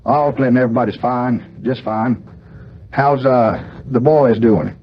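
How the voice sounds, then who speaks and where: A man's voice: medium pitch, steady tone, measured pace, highs cut off, lightly acted. A man playing a blustering older politician, talking in a folksy, rambling, agitated way. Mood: easygoing.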